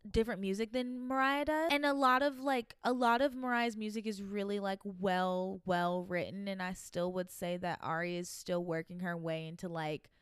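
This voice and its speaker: Young woman, podcast host, chatty, animated, smooth clear voice, dry close sound. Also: mid-range voice, moderate pace, few pauses, dry recording. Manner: chatty, animated, swears casually. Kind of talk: casual chat.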